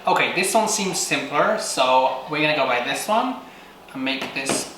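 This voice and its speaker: A man's voice: mid-range voice, expressive, moderate pace, sharp tone. A Brit putting on a brash American guy. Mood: hammy. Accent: put-on American. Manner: exaggerated folksy drawl with slang. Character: hammy loud American guy, man, brash and folksy. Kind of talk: comic vlog intro. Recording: very echoey room, faint noise.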